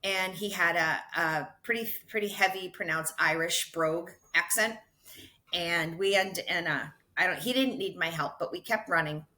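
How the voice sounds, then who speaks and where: A middle-aged woman with a bright, forceful tone and a slightly low voice tells her story as a podcast guest. She talks casually and is quick to laugh. She often breaks off and restarts her sentences. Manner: animated, quick to laugh, self-correcting restarts. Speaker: podcast guest, ultra runner.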